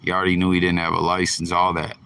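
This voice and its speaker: Bright-voiced man cursing through casual commentary. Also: low-pitched, completely flat delivery, fast, vocal fry, a little hiss or hum. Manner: profane, rambling, talks straight to viewers. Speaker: host.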